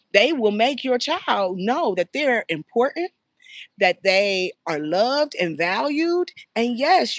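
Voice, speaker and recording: A woman's voice: medium pitch, no echo. A woman who runs a child care center, speaking casually and emphatically, acting out bits of conversation. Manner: emphatic, animated storytelling with acted quotes. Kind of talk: casual talk to camera.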